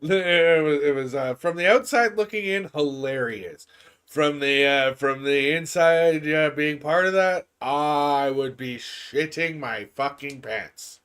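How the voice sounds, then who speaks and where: A man co-hosting a gaming stream in casual chat, laughing often and tripping over his words when excited. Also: a little high, takes it slowly, smooth. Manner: laughs often, stammers and restarts, gets loud when excited.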